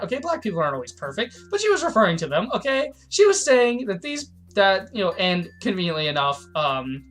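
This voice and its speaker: A man's voice: a little high, fairly bright tone. A man giving a heated, profane political rant as a vlogger, stumbling over restarts. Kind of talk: ranting political commentary.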